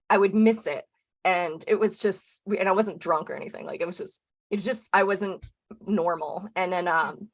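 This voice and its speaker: Woman, casual storytelling, chatty, lots of "like" fillers, mid-pitched voice. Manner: chatty, peppers speech with "like". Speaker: podcast guest.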